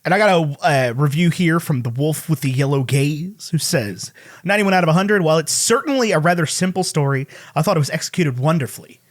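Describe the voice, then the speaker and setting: A man's voice: fairly high pitch, expressive. A man co-hosting a movie podcast, joking and teasing in casual chat. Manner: joking, teasing, quick asides. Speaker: podcast co-host.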